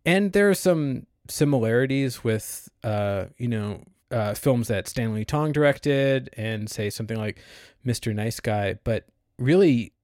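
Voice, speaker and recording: A man's voice: medium pitch, measured pace, darkish tone, no echo. Enthusiastic man, dry close sound. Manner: enthusiastic, hedging with fillers. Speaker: podcast co-host. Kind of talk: casual film discussion.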